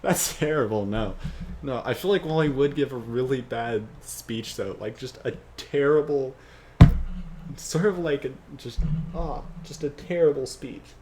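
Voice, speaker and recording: A man's voice: medium pitch, measured pace, darkish tone. Man, rambling, self-joking, thinking aloud, faint background noise. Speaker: fan writing a script.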